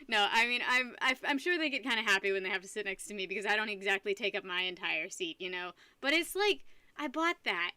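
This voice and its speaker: A young adult woman streamer chatting casually with her live viewers, telling a rambling, animated story and laughing often. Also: on the high side, no room sound.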